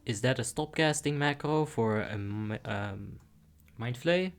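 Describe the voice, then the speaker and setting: A man's voice: on the low side, expressive, a little slow. Chatty young man streaming a raid. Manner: chatty, self-deprecating, muttering asides. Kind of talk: casual gameplay commentary.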